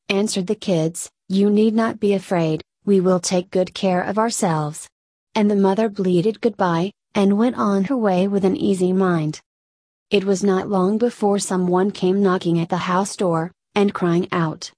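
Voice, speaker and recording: A woman reading a classic fairy tale aloud in an even, unhurried storybook manner. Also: mid-range voice, dry recording.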